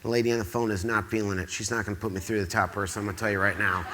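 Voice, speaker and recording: Man, from the midwest, storytelling on stage, excitable, rambling, bright forceful voice. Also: on the low side, very fast. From Quad Cities, US Midwest. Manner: excitable, rambling, acts out quoted dialogue. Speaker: speaker at an awards event. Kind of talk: storytelling to a live audience. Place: theatre stage.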